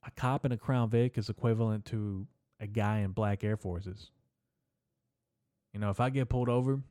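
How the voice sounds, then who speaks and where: Brief: male podcast host, rambling profane comic rant, mellow dark tone. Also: on the low side, dry recording, studio quality. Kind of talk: casual comedic rant.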